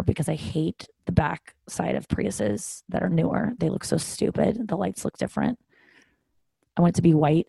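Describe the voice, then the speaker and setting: A woman's voice: fairly low pitch, gravelly, warm tone, husky, no echo. A young adult woman hosting a solo podcast, telling a family story in a chatty, candid and profane way and acting out the other voices. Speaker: podcast host.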